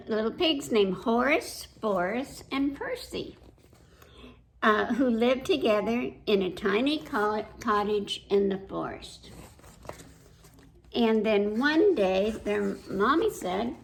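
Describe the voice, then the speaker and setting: Woman, children's story time reader, unhurried pace, gravelly edge, asks kids questions. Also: medium pitch, a little hiss or hum, poor audio. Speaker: children's librarian reading aloud.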